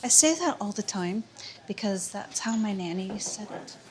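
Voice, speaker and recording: A woman's voice: medium pitch, lively intonation, moderate pace, a little mellow, a little hiss or hum. A woman vlogging at home as she cleans, chatting in a rambling, self-mocking way, with a camera mic. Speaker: vlogger, housewife. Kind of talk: casual chat while cleaning. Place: home, indoors and yard.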